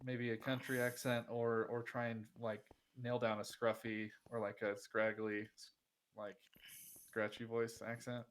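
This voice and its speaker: A man playing a game on a live stream, chatting casually in a halting, hesitant way. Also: mid-range voice, monotone. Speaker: fellow player. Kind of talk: casual gaming chat.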